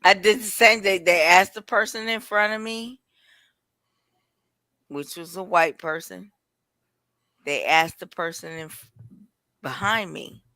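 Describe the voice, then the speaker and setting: A woman's voice: fairly low pitch, a little slow, pauses often, pushed and bright, dry recording. A woman telling blunt, heated stories in a casual podcast chat.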